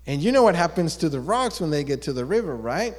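A man tells a story slowly and animatedly, his voice somewhat high and rising and falling widely. He speaks in a big hall whose long echo trails after every phrase. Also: very animated, a little mellow. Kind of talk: telling a story to listeners.

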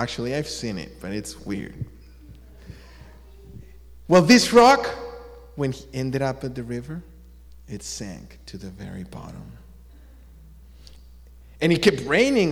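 A man tells a story slowly and animatedly, his voice somewhat high and rising and falling widely. He speaks in a big hall whose long echo trails after every phrase. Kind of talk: telling a story to listeners.

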